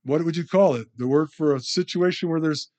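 A man's voice: fairly high pitch, a little fast, darkish tone. A man teaching a sermon in a conversational way, often asking the audience questions. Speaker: pastor.

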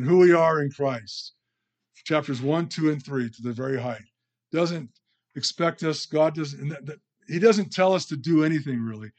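A man preaching a conversational sermon, often checking in with the listeners with "you know" and "right?". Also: a little high.

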